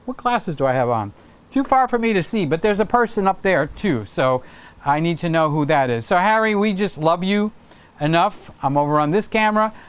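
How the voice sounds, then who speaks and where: An excitable, jokey man hosting a casual livestream from a home room, reading out viewer comments with lots of fillers and teasing. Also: high voice, moderate pace, smooth. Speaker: livestream host. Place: home room with Christmas tree set.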